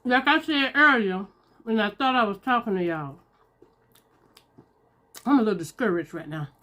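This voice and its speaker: A woman's voice: on the high side, animated, moderate pace, sharp tone. A woman, chatting casually to her viewers while eating. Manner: chatty, talks to viewers as y'all, Southern US slang. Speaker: mukbang vlogger.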